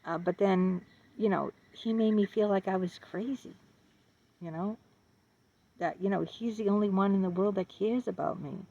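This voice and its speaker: A woman speaks earnestly about her own experience, often repeating words and asking the listener questions. Her voice has a gravelly edge, and the recording sounds dull and lo-fi. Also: medium pitch, normal speed, mellow. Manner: laughs nervously between phrases. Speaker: vlogger sharing her experience. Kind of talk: personal testimony to camera. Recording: dull lo-fi audio.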